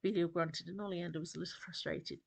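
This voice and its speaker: Woman, storyteller, storybook narration, low voice, gravelly, husky. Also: steady tone, fast, no echo.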